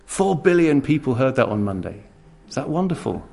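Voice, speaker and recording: A man preaching a sermon in a church, animated, acting out quick dialogues and chuckling at his own jokes. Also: mid-range voice, creaky.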